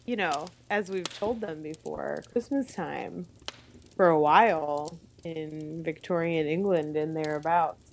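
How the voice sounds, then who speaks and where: A woman's voice: low-pitched, a little slow, gravelly, darkish tone, a little hiss or hum. Rambling, self-deprecating woman podcaster. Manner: rambling storyteller, self-deprecating, laughs often. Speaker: podcast co-host. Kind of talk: casual chat.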